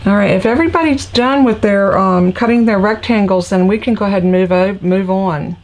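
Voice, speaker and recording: A middle-aged woman with a friendly Southern North Carolina accent, talking viewers through a crafting project live from her home craft room. She chats in a folksy, unhurried way, calling her audience y'all and filling pauses with ums. Her voice sits at an ordinary middle pitch for a woman. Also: darkish tone. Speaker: crafting livestream host. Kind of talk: casual live tutorial chat.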